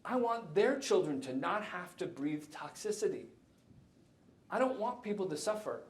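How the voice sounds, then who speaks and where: Animated man in his fifties, echoey hall. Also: sits high, moderate pace. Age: 50s. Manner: animated, jokey, addresses the audience. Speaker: keynote speaker. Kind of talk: conference talk. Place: lecture hall.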